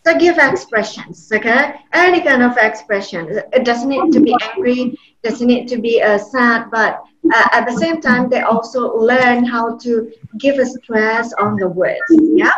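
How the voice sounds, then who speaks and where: A woman's voice: on the high side, a little slow, hardly any pauses, fairly bright tone. A woman from Indonesia with an Indonesian accent, running an interactive online teaching workshop and checking in with "okay?" and "yeah?". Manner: encouraging, tags sentences with "okay?" and "yeah?". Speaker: teacher trainer. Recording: roomy, slightly muffled online call audio.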